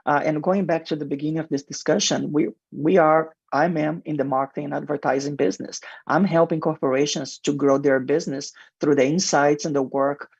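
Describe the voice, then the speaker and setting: A man's voice: fairly high pitch, steady tone, a little fast, vocal fry, hardly any pauses, breathy edge, no room sound, highs cut off. Man with a heavy non-native accent. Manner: earnest, explanatory, with frequent "uh" fillers. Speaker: marketing executive guest. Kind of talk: radio interview answers.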